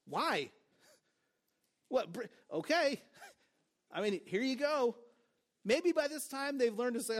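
A man's voice: sits high, animated, moderate pace, long pauses. A man preaching a sermon as pastor, in a casual, conversational way with joking asides, "like" and "right?".

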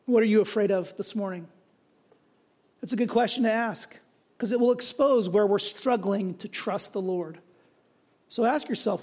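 A male pastor preaching a sermon in a conversational, animated way, often checking in with "right?". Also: high voice, moderate pace, pauses often.

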